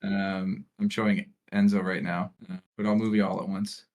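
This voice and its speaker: A man's voice: low-pitched, flat delivery, moderate pace, a little mellow, slight background noise. A man running a tabletop game as game master, narrating hesitantly with many fillers.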